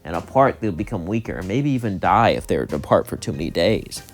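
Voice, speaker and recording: A man's voice: sits low, very animated, a little fast, faint music behind. Man telling a loose, run-on story. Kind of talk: casual fan-fiction narration.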